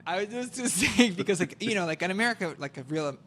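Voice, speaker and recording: Animated, bright-voiced male co-host. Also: sits high, fast talker, a little hiss or hum. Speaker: podcast co-host. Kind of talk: casual chat.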